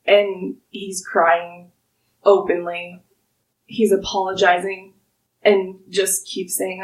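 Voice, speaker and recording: Unhurried woman narrating a game. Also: medium pitch, flat delivery, recorded from a distance, poor audio. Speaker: game master.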